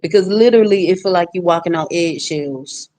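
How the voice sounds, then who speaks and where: A woman vlogger ranting casually to her viewers in a fairly low voice. She is blunt and outspoken, and the sound is dry and close. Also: brisk, warm tone, dry recording.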